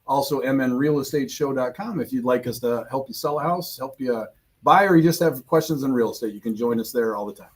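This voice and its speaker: A man's voice: medium pitch, fast talker. A man co-hosting a live radio talk show in a studio, talking in a friendly, chatty way and repeating phrases. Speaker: radio co-host and real estate agent.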